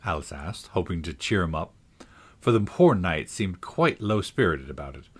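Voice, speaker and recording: A man reading a classic storybook aloud in a measured, expressive way. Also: low voice, husky. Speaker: narrator.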